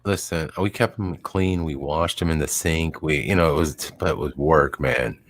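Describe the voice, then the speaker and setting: A man's voice: very deep voice, moderate pace. A man hosting a live stream, chatting casually and rambling with chuckles. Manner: rambling, chuckling, quotes dogs in silly voices. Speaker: livestream host. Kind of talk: casual chat.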